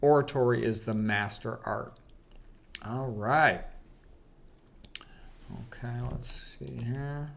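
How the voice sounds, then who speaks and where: A man talks casually on his own, reading out quotes and breaking off to comment. His voice sits at an ordinary middle pitch, and his delivery is conversational and opinionated, full of "okay" and "you know". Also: slow, vocal fry, pauses often, a bit bright. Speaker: channel host.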